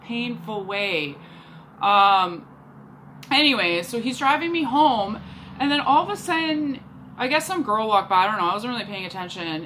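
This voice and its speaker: A woman's voice: fairly high pitch, a bit bright, slight background noise. A young woman from Canada telling a dating story in a chatty, exasperated way, full of fillers. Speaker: podcast host. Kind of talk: casual storytelling monologue.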